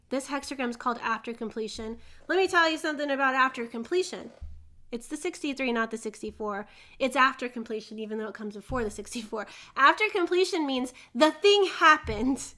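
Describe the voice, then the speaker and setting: Bright, high-voiced woman teaching animatedly. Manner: animated storyteller, laughs often, acts out voices. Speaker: host. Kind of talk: casual spiritual teaching monologue.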